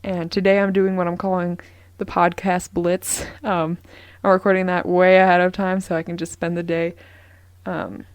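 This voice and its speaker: A woman's voice: fairly low pitch, dry recording. A young woman hosting a casual solo podcast, rambling with lots of ums and restarts. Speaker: podcast host.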